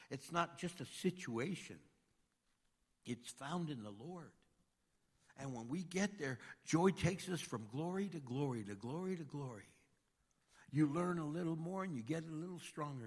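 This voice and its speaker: A male pastor preaching a sermon, swinging from loud, rising exhortation to hushed, intimate asides. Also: mid-range voice, big-room sound. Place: church sanctuary.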